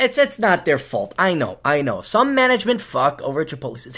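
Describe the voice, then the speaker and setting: A man's voice: a little high, huge pitch swings, a little fast, few pauses, sharp tone. A middle-aged man hosting a podcast, ranting solo in a blunt, profane, sarcastic way. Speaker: podcast host.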